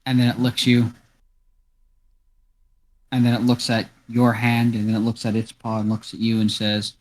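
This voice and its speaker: A man running a tabletop role-playing game, narrating scenes in a loose, chatty manner. His voice sits at a plain, middle pitch. He talks the players through what happens around them. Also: completely flat delivery, normal speed, pauses often. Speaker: game master.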